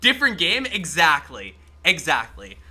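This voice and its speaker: A man streaming a game live, chatting excitably with his viewers and swearing freely as he plays. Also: on the high side, measured pace. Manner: talks to chat while playing. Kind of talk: casual live-stream gaming commentary.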